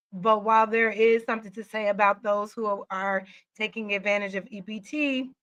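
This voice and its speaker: A woman speaking as a guest in casual chat, hesitant and measured, often restarting her sentences. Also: on the high side, fairly bright tone.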